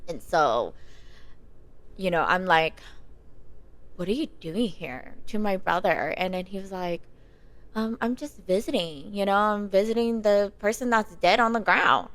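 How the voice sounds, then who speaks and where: A young woman, a guest in casual chat, tells a personal story about a dream, rambling with lots of "like" and "you know". Her medium-pitched voice is unhurried and a bit bright, on a low-quality recording.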